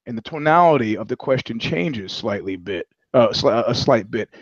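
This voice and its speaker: This podcast co-host has a medium-pitched voice with lively intonation at normal speed, and there's no room sound. In relaxed banter he rambles through anecdotes as a foul-mouthed storyteller, captured in slightly dull, dry audio.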